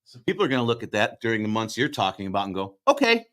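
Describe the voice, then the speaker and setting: A man's voice: on the low side, wildly swooping pitch, very fast, a bit bright. A man co-hosting a casual talk show, making emphatic, wisecracking points. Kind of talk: casual chat.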